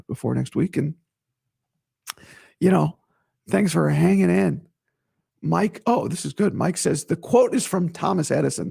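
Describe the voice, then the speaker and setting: A man hosting his own podcast in casual solo talk, his voice strained while it recovers, emphatic and repetitive when worked up. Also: a little high. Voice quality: raspy, gravelly. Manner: animated, emphatic, repeats himself. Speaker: podcast host.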